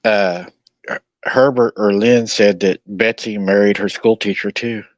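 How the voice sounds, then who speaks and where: A man hosting a podcast in casual conversation, musing out loud and acting out quoted lines as he speculates. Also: lowish voice, steady tone, a little slow, no room sound, highs cut off. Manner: speculative, acts out quoted dialogue. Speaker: podcast host.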